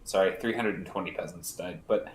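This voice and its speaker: A man playing a strategy game with friends, making quick dry quips. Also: low voice, echoey room, heavy background noise. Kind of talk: casual gaming chat.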